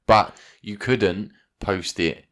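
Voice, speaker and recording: Casting: male podcast co-host, very low voice, wry, laughs easily, casual debate. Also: slow pace, fairly bright tone.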